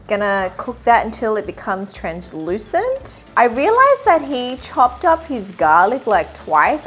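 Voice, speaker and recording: A woman's voice: fairly high pitch, fairly bright tone. A woman in her thirties hosting a casual cooking vlog, chatty and giggly. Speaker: host.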